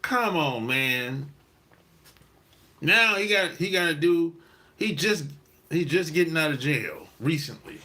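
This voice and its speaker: Guy ranting on his podcast, kinda high bright voice, slow and emphatic. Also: expressive. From South Carolina, USA. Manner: emphatic storytelling, drawn-out stresses, blunt cursing. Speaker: podcast host. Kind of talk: casual monologue.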